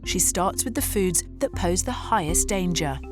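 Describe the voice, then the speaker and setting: A woman narrates a documentary in a clear, measured voice-over, her pitch rising and falling freely. Steady music plays underneath her. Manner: clear, measured explanatory delivery. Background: background music.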